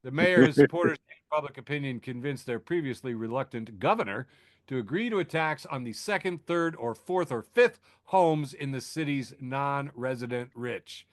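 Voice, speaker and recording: A man's voice: mid-range voice, expressive, moderate pace, no room sound, clean studio sound. A man hosting a podcast, riffing sardonically through news, laughing at his own jokes, with lots of fillers and restarts. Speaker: podcast host. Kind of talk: casual news chat.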